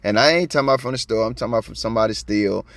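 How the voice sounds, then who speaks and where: A man from Georgia with a Southern accent, giving slangy, preachy video commentary that swings from soft to loud. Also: fairly low pitch, very fast, dry recording. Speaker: copwatch commentator.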